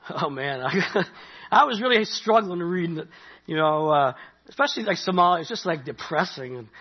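This Nova Scotia preacher, a middle-aged Canadian man, speaks at a normal pace with a husky, high-pitched voice and an easygoing, conversational manner. His sermon swings between lively high points and hushed side remarks, captured on a muffled, low-fidelity recording.

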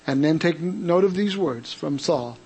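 A man with a fairly high voice leads a Bible study in a conversational tone. He reads scripture passages aloud and then explains them, stopping often on fillers and restarts. He lifts his voice higher and louder when he wants to stress a point. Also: lively intonation, a little slow, slightly rough, poor audio. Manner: rises in pitch and volume for emphasis.

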